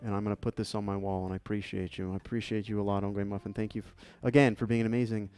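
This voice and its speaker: A man's voice: lowish voice, level tone, racing, a little mellow, smooth, faint music behind. A man hosting a live stream, opening fan mail and chatting in a playful, joking, thankful way. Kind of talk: casual live-stream chat.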